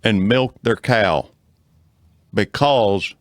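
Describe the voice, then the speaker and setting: Male podcast co-host, slow unhurried delivery, reads items aloud with a wry edge. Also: lowish voice, no room sound, studio quality. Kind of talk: casual panel chat, reading aloud.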